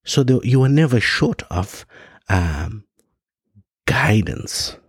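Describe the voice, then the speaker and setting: A man's voice: medium pitch, sing-song, slow, husky, no room sound, studio quality. A man from Africa giving an impassioned monologue, firing off rhetorical questions and stumbling over frequent restarts. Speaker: podcast host.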